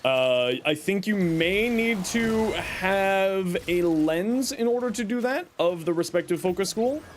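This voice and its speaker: Higher-pitched man explaining a game on stream. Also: expressive, a little slow, slight background noise. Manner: reads and answers chat questions, explaining game steps with frequent "uh" fillers; hedging, unsure of old details. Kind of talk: live-stream chat while gaming.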